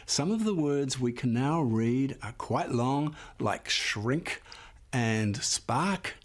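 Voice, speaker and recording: A man teaching a phonics lesson, explaining syllable rules patiently and sounding out words slowly and clearly for the class. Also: mid-range voice, animated. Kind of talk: slow, clear classroom instruction.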